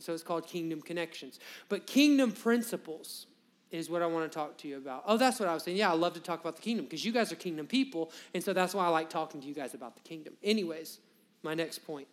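A young adult man from Alabama, preaching a sermon to his congregation in a casual, storytelling way with rambling asides. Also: high voice. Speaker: pastor. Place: church sanctuary with a congregation.

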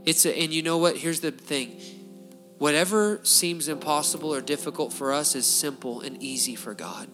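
A man's voice: on the high side, moderate pace, fairly bright tone, soft background music. A man pastor leading a fervent spoken prayer at a church service, pleading and repeating phrases as he goes.

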